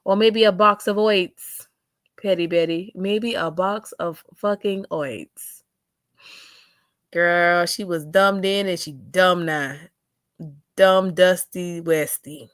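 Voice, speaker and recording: A woman's voice: fairly low pitch, fairly even intonation, slow, no room sound, clean studio sound. A young adult woman hosting a casual livestream, reading chat comments aloud with sassy drawling asides.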